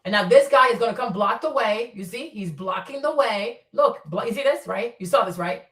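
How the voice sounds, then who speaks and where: A woman's voice: on the high side, animated, a little fast, fairly bright tone, reverberant, far from the mic. A woman streamer commenting on footage in a casual, insistent way, repeating herself as she points out details step by step.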